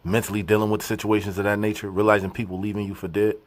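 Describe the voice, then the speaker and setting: A man's voice: lowish voice, flat delivery, racing. A man hosting a casual interview, asking probing questions in street slang. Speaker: interviewer host.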